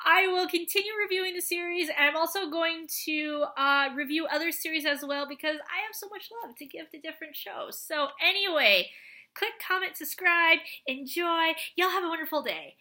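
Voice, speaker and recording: Bright high-voiced young woman reviewer. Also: normal speed. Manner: chatty, animated, lots of fillers and acted quotes. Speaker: show reviewer. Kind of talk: casual review vlog.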